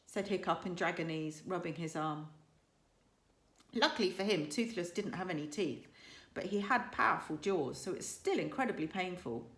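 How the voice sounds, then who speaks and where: A primary school teacher, a woman, reading a children's story aloud with lively, expressive storytelling. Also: on the low side, moderate pace. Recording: echoey room.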